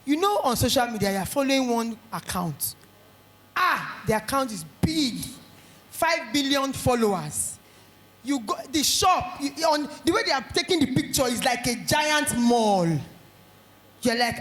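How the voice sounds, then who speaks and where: Nigerian lady giving a lively conference talk, high voice, acts out little scenes. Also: a little slow, reverberant. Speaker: speaker at an education conference.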